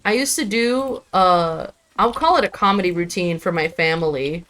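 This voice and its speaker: A young adult woman with a fairly low, slightly bright voice chats casually at a moderate pace during a live gaming stream. She rambles about her day and slips into baby talk with her cat.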